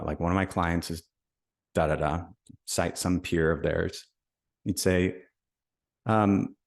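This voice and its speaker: Low-voiced man coaching on sales calls. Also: a little mellow. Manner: conversational, acts out sales calls. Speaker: podcast host. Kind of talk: casual sales coaching talk.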